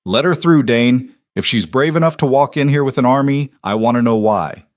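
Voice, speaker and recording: A man voicing a weathered rebel wolf chief in his fifties with a rough northern mountain accent, dry and commanding. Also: mid-range voice, moderate pace, no echo, pitched above the performer's own voice, natural voice. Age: 50s.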